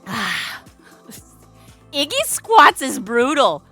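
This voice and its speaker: A woman's voice: high voice, huge pitch swings, very slow, pushed and bright, faint music behind. A young adult woman streaming live at home, chatting casually with a playful, sing-song manner. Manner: playful, sing-song baby talk to her cat. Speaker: streamer and balloon artist.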